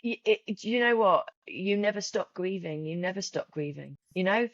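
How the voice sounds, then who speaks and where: Woman, podcast guest, emotional, halting restarts, dry, muffled sound. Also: mid-range voice, animated, dry recording. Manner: heartfelt, frequent restarts and repetitions. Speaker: podcast guest, journal creator. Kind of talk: emotional casual interview talk.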